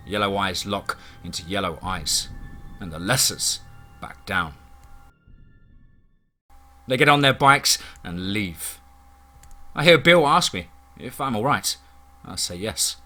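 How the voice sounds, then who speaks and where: A man's voice: on the low side, lively intonation, slow, long pauses, sharp tone, faint music behind. Man narrating a horror story.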